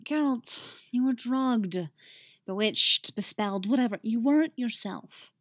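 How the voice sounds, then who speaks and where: A woman's voice: fairly high pitch, expressive, a little slow, pitched above the performer's own voice. A woman voicing a chatty, teasing young male bard with a lilting, playful delivery. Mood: earnest.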